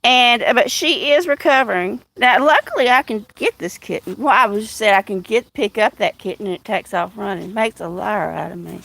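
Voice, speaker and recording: A livestream host with a high, creaky voice chats casually as she walks outdoors in the evening, phone in hand, cooing at cats in an even higher pitch. She speaks at normal speed with few pauses, and there's no echo.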